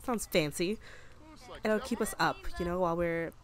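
A young woman casually commentating a life-simulation game, chatty and excitable. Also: lowish voice, moderate pace, a crowd in the background. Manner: chatty, excitable, with frequent gasps and laughs. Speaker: gaming video creator. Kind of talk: casual let's-play commentary.

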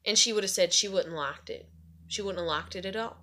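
Brisk and sharp-toned in a mid-range voice, a young female vlogger vents her family frustrations. She is bitter, swears heavily, and rambles repetitively.

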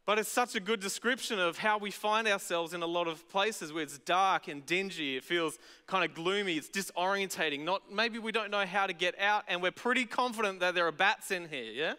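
An Australian man preaches a sermon in a lively, conversational way, acting out everyday voices. His voice sits high and bright, smooth and resonant. A long hall reverb trails behind his words. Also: moderate pace, few pauses. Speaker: pastor. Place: large church auditorium.

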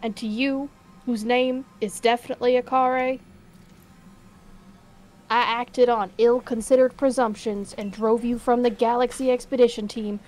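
A woman's voice: fairly high pitch, fairly even intonation, moderate pace, a little mellow, close to an everyday voice, rough recording. A woman voicing a brusque male commander with a partial Southern US accent. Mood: contrite. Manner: brusque, barking orders. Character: gruff male military commander.

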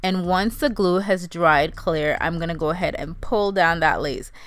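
A young woman with a slightly low voice talks her viewers through a hair tutorial. She keeps it casual and chatty, calling them "you guys" and "honey" as she goes. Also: normal speed, no echo. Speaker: beauty vlogger.

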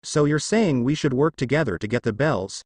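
A man voicing an eager young male ninja with a dog, in a quick, questioning manner. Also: medium pitch, animated, a little mellow, no echo, clean studio sound, close to an everyday voice. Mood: curious.

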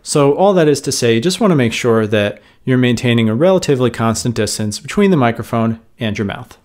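A man teaching how to record a voice, explaining calmly in a closet set up as a recording booth and speaking into a studio microphone. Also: medium pitch, brisk, reverberant. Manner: calm, explanatory, demonstrating as he goes. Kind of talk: instructional tutorial.

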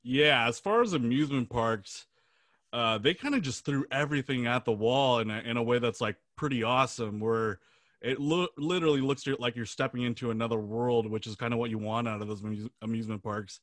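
A man hosting a gaming podcast over a video call, chatty, rambling and quick to laugh. His voice sits at a mid pitch, and the sound is dry with little room. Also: a bit bright, no room sound. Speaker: podcast host. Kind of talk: casual chat.

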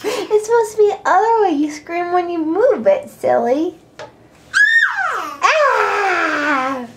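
A woman's voice: extremely high pitch, very animated, normal speed, heavy background noise. A mother at home playing with her toddler, talking in a coaxing, singsong baby-talk voice and laughing often.

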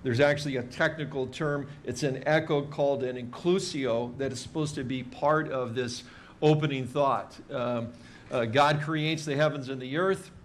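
A man teaching a Bible passage in a relaxed, chatty sermon style, with many fillers and dry jokes. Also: mid-range voice, moderate pace, a little hiss or hum. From Hawaii. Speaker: pastor teaching a Bible study.

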